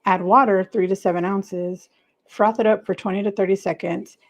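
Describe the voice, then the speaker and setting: A woman's voice: medium pitch, fairly even intonation, normal speed, low-quality recording. A middle-aged woman chatting casually on a home livestream, rambling and talking to viewers by name while she makes coffee. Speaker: livestream host.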